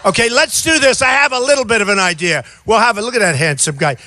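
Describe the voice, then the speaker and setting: A man in his sixties giving an off-the-cuff campaign rally speech outdoors, rambling and repetitive, often shouting to a crowd. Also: high voice, animated, quick pace, slight background noise. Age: 60s. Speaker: presidential candidate.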